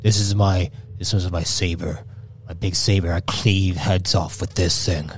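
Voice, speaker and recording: A man voicing an excitable, boastful male warrior comrade in a tabletop game. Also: deep voice, measured pace.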